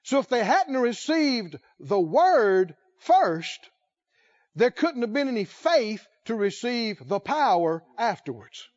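High-voiced guy preaching real slow, stretching words out, kinda muffled lo-fi recording. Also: very animated, a little mellow. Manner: slow, emphatic delivery, drawing out key words and asking the congregation questions. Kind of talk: sermon.

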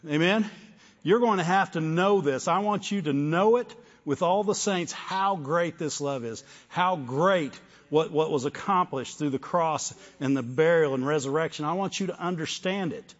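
An older man preaching a sermon, shifting between fervent call-and-response peaks and soft, intimate storytelling. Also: on the high side, normal speed. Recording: dull sound with long hall reverb.

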